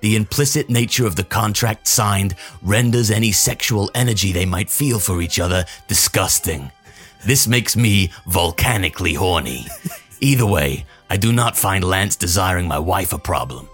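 A man voicing a pompous older billionaire as a Canadian mob boss, slow and menacing, in a comic monologue over faint music. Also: low voice, a bit bright. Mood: smug menacing. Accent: Canadian, put on.

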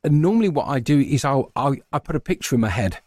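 A man's voice: mid-range voice, lively intonation, fast, darkish tone, no echo, clean studio sound. A man who narrates audiobooks, chatting as an interview guest and explaining his work at length. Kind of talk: casual interview chat.

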